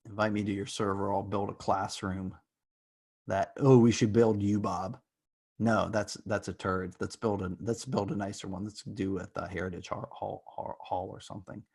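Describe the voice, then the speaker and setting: A man's voice: on the low side, level tone, moderate pace, a little mellow, slightly rough. A male university lecturer giving an online class in a casual, joking way, rambling with fillers and asides.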